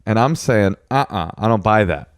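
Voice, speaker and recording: A man's voice: lowish voice, lively intonation, moderate pace, no echo, clean studio sound. A man co-hosting a relationship podcast in casual, teasing, argumentative banter. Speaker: podcast co-host.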